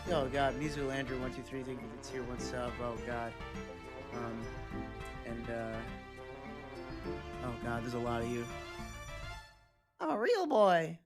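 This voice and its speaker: A man's voice: medium pitch, monotone, normal speed, long pauses. A man streaming, chatting casually with viewers, joking crudely and reading chat aloud. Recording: background music under voice. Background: game music.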